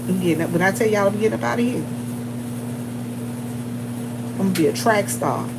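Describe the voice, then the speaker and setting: A woman's voice: medium pitch, brisk. A woman chatting casually to her viewers from a gas station store, talking in a repetitive, rambling way. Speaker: store clerk vlogging at work. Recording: humming air conditioning noise. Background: air conditioner hum.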